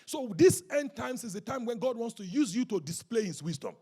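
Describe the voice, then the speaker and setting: A pastor preaching a rousing sermon at a church service, calling out to the congregation and often shouting. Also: male voice, extremely high pitch, sing-song, brisk, slightly rough.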